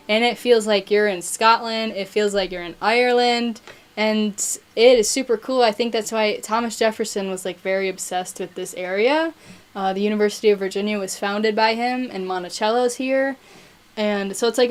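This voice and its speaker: Chatty woman streamer from Buffalo. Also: mid-range voice. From Buffalo, New York. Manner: chatty, excitable, reads viewer chat aloud. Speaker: musician streamer. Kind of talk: casual live-stream chat.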